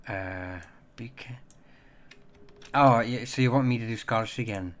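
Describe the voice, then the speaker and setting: A man hosting a casual livestream and chatting with viewers in a rambling, halting way, with many fillers and restarts. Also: mid-range voice, a bit bright. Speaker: livestream host.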